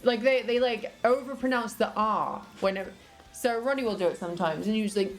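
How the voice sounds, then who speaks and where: A woman from England with an English accent, chatting casually with her stream chat in quick asides. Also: a little high, faint music behind.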